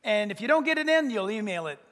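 A man preaching with a strikingly high voice that leaps all over the place. His delivery is playful and humorous, full of acted-out little scenes. The sound carries a long, hall-like reverb. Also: sing-song, fast, fairly bright tone. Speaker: pastor. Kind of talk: sermon.

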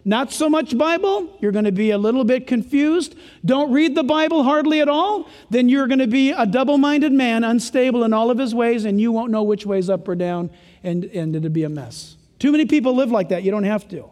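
Male preacher, high voice, emphatic sermon, long hall reverb. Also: brisk. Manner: emphatic, exclamatory, swings from loud to hushed.

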